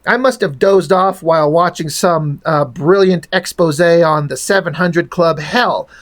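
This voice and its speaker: A man's voice: on the high side, unhurried, natural voice. A man reading the lines of a laid-back, wisecracking male comic-book hero in a breezy, joking way.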